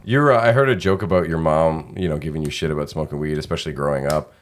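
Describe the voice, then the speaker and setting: Deep-voiced relaxed interview host. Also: male voice, fast. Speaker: podcast host. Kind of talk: casual interview chat.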